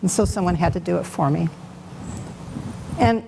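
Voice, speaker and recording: A woman's voice: lowish voice, moderate pace, creaky, warm tone. A middle-aged woman speaking at a Bible study, giving an unscripted, candid personal testimony in a conversational way. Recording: long hall reverb, faint background noise.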